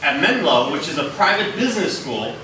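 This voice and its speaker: Man, motivational speaker at a school assembly, high-pitched and energetic, recorded from a distance in a noisy, very echoey hall. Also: brisk. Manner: energetic storytelling, asks the audience questions. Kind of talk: motivational talk to students.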